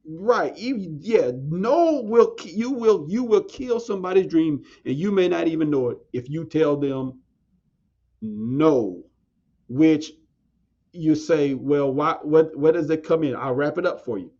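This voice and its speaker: A man's voice: a little high, animated, measured pace, warm tone, highs cut off. A man, a podcast guest telling a story in casual talk, often restarting and repeating phrases.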